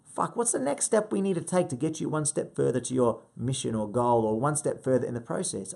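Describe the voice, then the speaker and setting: A man in his thirties coaching a sales team, swearing freely and acting out client calls with big jumps in pitch. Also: expressive, fairly quick, creaky, a little mellow.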